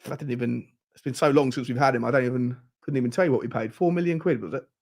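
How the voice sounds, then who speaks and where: A man's voice: mid-range voice, quick pace, vocal fry. A man hosting a live football fan watchalong, chatting casually, reading out viewer comments and putting questions to his audience. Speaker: football fan channel host.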